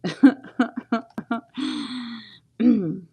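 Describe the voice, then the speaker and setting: A woman's voice: on the high side, extremely slow, warm tone, breathy edge. A woman in her forties chatting casually through a live tarot reading, often laughing and thanking viewers. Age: 40s. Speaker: tarot reader.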